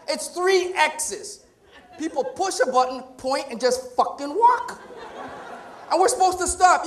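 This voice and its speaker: A man from Montreal doing a loud, punchy stand-up routine, switching between shouts and mutters. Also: very high voice. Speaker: stand-up comedian. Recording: echoey hall.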